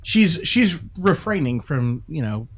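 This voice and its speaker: A man's voice: a little high, takes it slowly. A man from New York co-hosting a crafting livestream, joking and reading viewer comments in casual chat, often breaking into laughter. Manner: joking, bursts into laughter, voice jumps up when excited.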